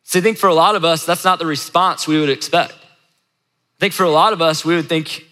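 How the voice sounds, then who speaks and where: A man's voice: fairly high pitch, steady tone, a little fast, bright, forceful tone. A man preaching a sermon as a pastor in a conversational way, with emphatic repetition. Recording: echoey hall reverb.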